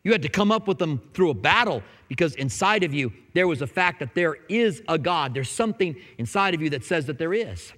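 A male pastor preaching an earnest sermon, swinging between loud emphatic lines and hushed, quiet ones. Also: fairly high pitch, expressive, brisk, hardly any pauses, in a large hall.

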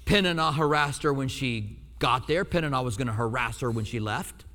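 A man preaching a church sermon speaks at medium pitch and a fairly quick clip. He's an animated storyteller who acts out quotes with humor, and the recording has long hall reverb.

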